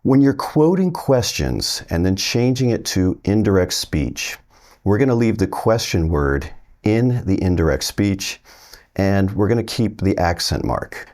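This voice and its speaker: A man teaching a casual video lesson, explaining slowly and loosely with plenty of fillers. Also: deep voice, a little mellow. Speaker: Spanish teacher.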